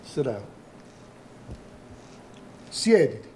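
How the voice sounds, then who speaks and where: A man playing an older Italian immigrant mob grandfather in a comedy sketch, speaking halting, broken English with an Italian accent and slipping into Italian. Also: medium pitch, big pitch swings, a little mellow, a little hiss or hum. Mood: grave storytelling.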